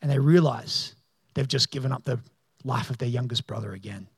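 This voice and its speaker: A man, a pastor, preaching a sermon as a storyteller who acts out the people in the story and grows loud and excited. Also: mid-range voice, fairly quick, husky, no echo.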